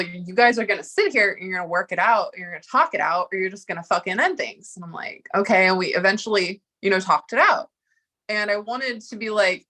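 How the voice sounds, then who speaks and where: Woman, bright voice, higher pitch, confessional monologue, emotional, swears a lot, acts out quotes. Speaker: storyteller recounting a breakup.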